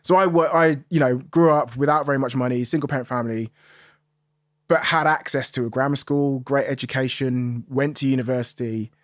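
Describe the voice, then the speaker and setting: A man from Kent, guesting on an interview about the music industry. He speaks in a measured, thoughtful and emphatic way. His voice sounds dry and close, with no room around it. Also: mid-range voice, dry recording. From Tunbridge Wells, Kent, England. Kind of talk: conversational interview answers.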